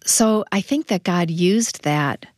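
A woman who is a guest on an interview, the mother of the family, explaining events in a quick, earnest way. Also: fairly low pitch, no room sound, studio quality. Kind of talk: personal testimony in a faith interview.

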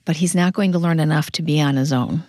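A woman who is a guest on an interview, the mother of the family, explaining events in a quick, earnest way. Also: sits low, a little mellow, no echo, studio quality. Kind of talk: personal testimony in a faith interview.

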